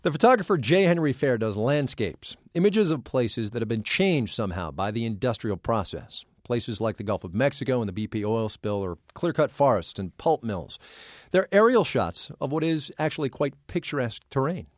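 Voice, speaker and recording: A man's voice: medium pitch, normal speed, no room sound. Male public radio host, casual questions with light stumbles, dry studio sound. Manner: relaxed, conversational questions with some hesitations. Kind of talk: radio interview hosting. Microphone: studio mic.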